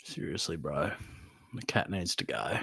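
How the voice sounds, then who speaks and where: A man's voice: deep voice, lively intonation, unhurried, gravelly, sharp tone, husky, no echo, studio quality. A young man hosting a casual live Q&A, reading out viewers' questions and answering them in a laid-back, matey way. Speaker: livestream host answering chat questions.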